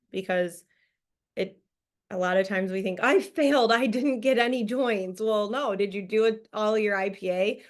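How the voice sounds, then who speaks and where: A woman leading a business training over a video call, giving a casual, upbeat motivational talk full of fillers and laughs. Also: mid-range voice. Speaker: team leader presenting a business training call.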